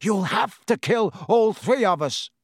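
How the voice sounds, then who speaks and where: A man's voice: sits high, animated, a little slow, no echo, clean studio sound, voice pushed up. A man voicing a fierce, injured teenage boy who speaks with strained defiance in an audiobook. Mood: defiant. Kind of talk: audiobook character voice.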